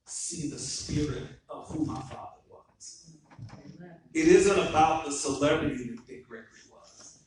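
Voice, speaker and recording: An earnest man addresses an audience as a guest speaker, reverent and thankful in tone. His voice is mid-pitched. It rings through a large echoing hall and is heard from some distance off the mic. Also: a little mellow, a little hiss or hum. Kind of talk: public address. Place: courthouse event hall. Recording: echoey hall, far from the mic.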